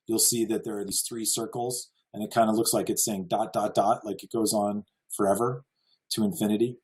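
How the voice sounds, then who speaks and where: The recording is low quality as a fairly low-pitched American man gives a relaxed slideshow talk. Earnest and full of wonder, he chuckles from time to time while presenting.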